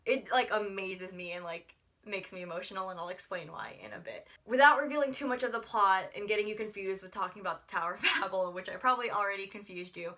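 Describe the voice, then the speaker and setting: A woman's voice: mid-range voice, pushed and bright. A young woman from the United States chatting through a book review, gushing and rambling with lots of filler words. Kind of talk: casual book review vlog.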